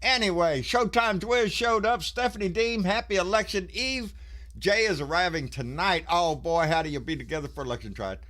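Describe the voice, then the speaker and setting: A man's voice: high-pitched, animated, moderate pace, fairly bright tone. A man, out of breath, hosting a casual live stream and greeting viewers in a folksy, swearing way. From Texas.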